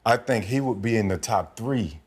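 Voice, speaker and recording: A man hosting a podcast interview, asking long, deliberate questions and stressing his points, with some stumbles. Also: fairly low pitch, animated, slightly rough. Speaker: podcast host.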